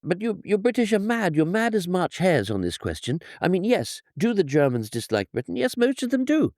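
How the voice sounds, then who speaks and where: A man voicing a blustering, boastful emperor who rambles and pleads in a stammer, his pitch pushed up high. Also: wildly swooping pitch, normal speed, a little mellow, no room sound, studio quality, full character voice. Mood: gushing, aggrieved. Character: blustering boastful German emperor, male, wounded.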